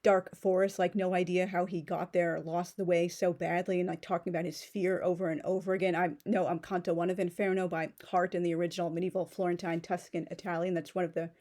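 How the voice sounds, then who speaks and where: Woman in her thirties, chatty vlogger voice, rambling with many fillers and restarts, slightly low pitch. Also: level tone, quick pace, few pauses, a little mellow. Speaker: pen vlogger. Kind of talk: casual unboxing chat.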